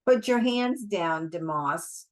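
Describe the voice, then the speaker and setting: A woman's voice: fairly low pitch, animated, slow pace. A woman reading a nasal, sneering waitress. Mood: scornful. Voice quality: nasal twang. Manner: whiny and sneering. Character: brash waitress woman, contemptuous. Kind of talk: audiobook character voice.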